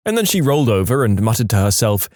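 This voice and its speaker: A man's voice: mid-range voice, quick pace, dry recording, studio quality. A man reading listener stories aloud as a narrator, acting out the quoted lines. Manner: expressive, acts out quoted lines. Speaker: story narrator.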